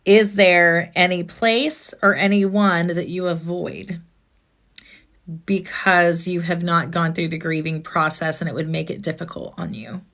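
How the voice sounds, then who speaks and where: Earnest woman host with a lowish voice. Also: fairly even intonation, a little slow, fairly bright tone. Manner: earnest, conversational, asks reflective questions. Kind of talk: live-stream talk.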